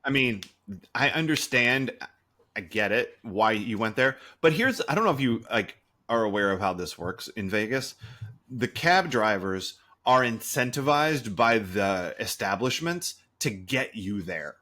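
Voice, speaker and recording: A man co-hosts a podcast, chatting casually at a measured pace in a medium-pitched voice. He's an animated storyteller who acts out the quotes in his stories.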